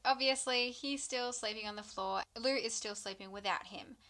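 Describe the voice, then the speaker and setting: A young woman with a slightly higher voice chats casually, retelling a novel scene by scene. She is playful and laughs easily as she acts out the characters in quick asides. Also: bright, forceful tone. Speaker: book podcast co-host. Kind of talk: casual chat recapping a novel.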